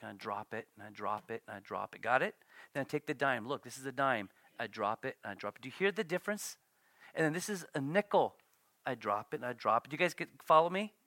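Pastor, male, animated sermon delivery, bright and forceful, slightly high voice. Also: dry recording. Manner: animated, acts out quotes with sudden loud bursts and soft whispers.

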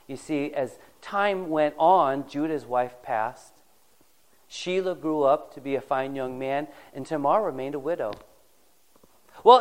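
A man preaching a sermon, retelling a Bible story in a folksy, conversational way and addressing the congregation directly. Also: fairly high pitch. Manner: folksy storytelling, acting out the characters' lines.

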